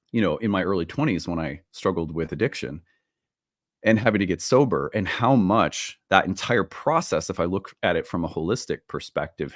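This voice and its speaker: A deep-voiced man talks casually to camera about astrology, swinging his pitch widely as he goes. He laughs at his own asides and teases himself. The sound is close and dry. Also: no room sound. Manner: self-deprecating, playful asides. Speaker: astrology video host. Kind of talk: casual solo talk to camera. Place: home room with open windows.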